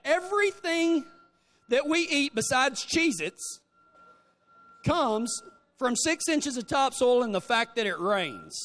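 A man preaching a sermon to a congregation, telling folksy stories in an animated way. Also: very high voice. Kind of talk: sermon with storytelling. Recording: long reverb of a large hall.

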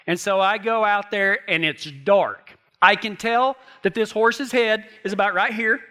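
Folksy male storyteller, humorous, rural dialect, high bright tone. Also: unhurried.

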